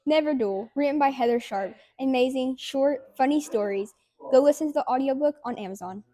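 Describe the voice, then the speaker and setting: A woman hosting a casual interview, enthusiastic and quick to exclaim and laugh. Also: high voice, mellow. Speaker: interview host.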